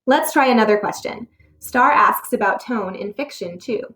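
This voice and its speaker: A woman teacher narrating clearly. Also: fairly high pitch, normal speed, fairly bright tone. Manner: clear, explanatory, with rhetorical questions. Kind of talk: scripted narration for a test-prep lesson.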